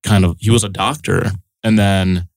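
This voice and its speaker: Low voiced guy hosting a chat podcast, laid back, keeps the guest talking. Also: normal speed, dry recording, studio quality. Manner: relaxed and encouraging, asks easy questions. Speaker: podcast host. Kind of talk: casual interview chat.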